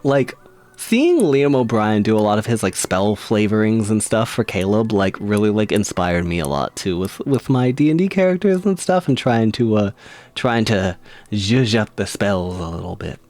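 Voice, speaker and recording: A man's voice: fairly low pitch, animated, normal speed, darkish tone. A man streaming live, chatting casually and reading tarot cards, giggly and rambling with frequent laughs.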